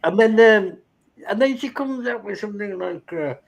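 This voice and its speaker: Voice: mid-range voice, moderate pace, vocal fry. A speaker chatting on a stream, telling stories loosely, swearing and laughing often. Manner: swears freely, laughs often, lively storytelling. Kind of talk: casual chat, reminiscing.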